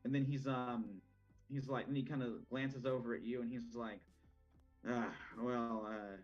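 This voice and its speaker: A man running a tabletop game, narrating in a loose, rambling way. His voice is husky and mid-pitched. The recording sounds muffled and lo-fi, with faint music behind. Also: steady tone, normal speed, darkish tone. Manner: casual, rambling, lots of fillers. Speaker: game master.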